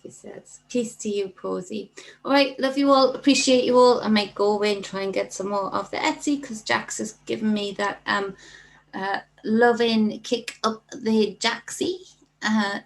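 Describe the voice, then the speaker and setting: A woman hosting a casual livestream, chatting warmly and reading viewer comments aloud. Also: medium pitch, vocal fry, rough recording. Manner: chatty, reads viewer comments aloud and thanks them by name. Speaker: livestream host.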